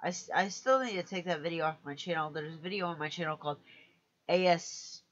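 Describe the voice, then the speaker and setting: A man's voice: on the high side, a little fast, a bit bright, highs cut off. A man chatting casually on a live stream, hesitant and self-mocking, often restarting his sentences.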